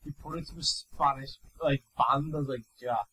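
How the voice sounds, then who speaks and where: Husky young man bantering. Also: mid-range voice, moderate pace, sharp tone, rough recording. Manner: blunt, sweary banter. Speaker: podcast co-host. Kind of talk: casual chat.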